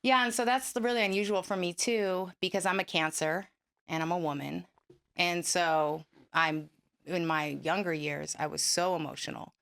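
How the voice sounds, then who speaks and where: A woman co-hosting a couples podcast, talking in a measured, reflective, analytical way. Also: on the low side, fairly bright tone, clean tone. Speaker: podcast co-host. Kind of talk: casual couple's podcast chat.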